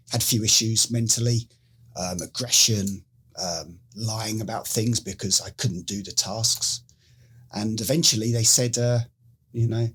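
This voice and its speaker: His voice is on the low side and husky: a middle-aged British man from the United Kingdom who used to be a special forces medic. In a casual interview he tells a story with animation, voicing the lines people spoke.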